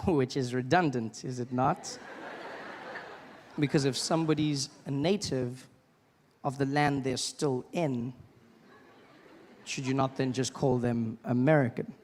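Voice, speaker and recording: A man's voice: mid-range voice, slow, long pauses, in a large hall, slight background noise. A man in his thirties doing a stand-up comedy routine on stage, telling stories and acting out voices. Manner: animated storytelling with acted-out voices. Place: stage before a live audience.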